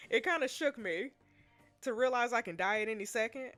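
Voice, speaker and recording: A woman reading aloud and reacting to a story game, animated and chatty, talking straight to her viewers. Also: on the high side, normal speed, soft background music. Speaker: gamer.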